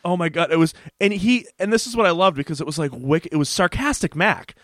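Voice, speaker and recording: A slightly high-voiced man co-hosting a podcast, chatting through an episode recap. He animates the story by acting out the characters' lines. The sound is dry and close. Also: fast talker, no echo. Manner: animated, acts out quoted characters. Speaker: podcast co-host. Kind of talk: casual recap chat.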